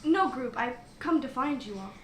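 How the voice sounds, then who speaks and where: A woman's voice: high voice, animated, moderate pace, fairly bright tone, reverberant, a little hiss or hum, low-quality recording. A woman playing a tabletop role-playing game in a coy, mysterious way. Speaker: player.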